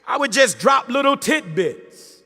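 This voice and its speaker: Middle-aged preacher man, super high sharp voice, fired up, big echoey hall, faint crowd. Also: very animated, unhurried, husky. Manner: impassioned preaching with call-and-response asides. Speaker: minister. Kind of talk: sermon. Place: large hall before a congregation.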